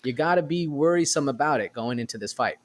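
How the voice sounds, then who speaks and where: A man's voice: mid-range voice, animated, quick pace. A man co-hosting a sports podcast, chatting casually about an upcoming fight and sometimes fumbling over his words. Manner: casual, stumbles over words now and then. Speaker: podcast co-host.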